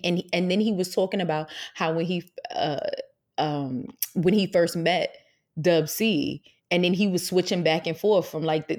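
Low-voiced woman podcast co-host, laughing. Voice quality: laughs often, animated storytelling. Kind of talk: casual chat.

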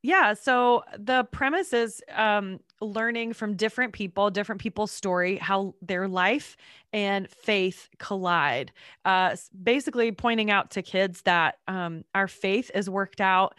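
A woman in her thirties from North Carolina, a podcast guest, chatty and congested, with her voice lower than usual. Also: measured pace, fairly bright tone, smooth, no room sound, clean studio sound. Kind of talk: interview answers.

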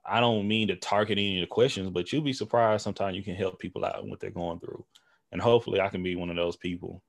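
A man's voice: deep voice, steady tone, fast, vocal fry, no echo. A man hosting a podcast in casual conversation, loose and rambling, laughing often and acting out relatives' voices as he tells stories. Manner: acts out relatives' voices while telling stories. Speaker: podcast host.

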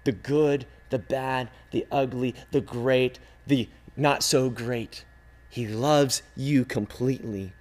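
A man preaching a sermon to a youth group, emphatic and repetitive, with dramatic pauses. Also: mid-range voice, steady tone. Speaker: youth pastor.

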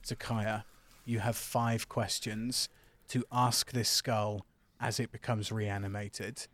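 A man's voice: lowish voice, little pitch movement, slow, a bit bright. A man narrating a tabletop role-playing game as game master, describing scenes.

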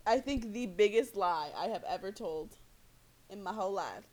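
A woman's voice: medium pitch, moderate pace. A young woman co-hosting a podcast, telling stories in casual chat with frequent laughter and swearing. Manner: animated, swearing, laughing storyteller. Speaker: podcast co-host.

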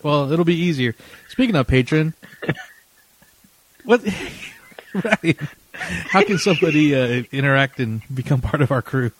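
A man's voice: on the high side, lively intonation, measured pace, long pauses, no room sound. Rambling, laughing podcast co-host man. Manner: rambling, laughs often, many fillers. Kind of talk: casual podcast chat.

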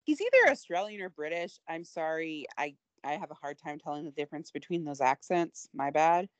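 A woman co-hosting a casual podcast, her voice lower than most and swinging widely in pitch as she rambles and giggles at herself. The sound is dry and close, with no room around it. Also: expressive, a little fast, dry recording. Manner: giggly, rambling, self-deprecating. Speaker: podcast co-host. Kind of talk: casual chat.

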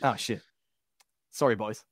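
A man's voice: lowish voice, no room sound, clean studio sound. A man chatting casually on a group voice call, laughing and sorting out browser trouble. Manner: lively, laughing, quick tech chatter. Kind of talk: casual voice-chat banter. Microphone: home computer mic on a voice call.

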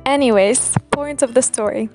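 A woman's voice: fairly high pitch, normal speed, darkish tone, faint music behind. A young Algerian woman with an Algerian accent and American-learned English, co-hosting a casual podcast with playful asides and frequent laughs. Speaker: podcast co-host.

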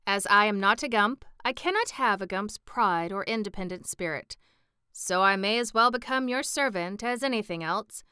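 Woman playing a solemn, careless storybook creature, raised bright voice, very clear, dry sound. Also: mid-range voice, moderate pace, no room sound, natural voice. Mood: pensive. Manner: pensive, careless tone. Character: new-made Gump creature, gloomy, solemn, detached. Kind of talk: audiobook reading.

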